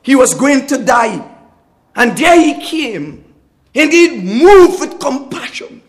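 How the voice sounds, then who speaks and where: A man's voice: very high voice, very animated, takes it slowly. A man preaching a sermon, fervent and emphatic, at times dropping his voice almost to a whisper. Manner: fervent, emphatic, with dramatic drops to near whisper.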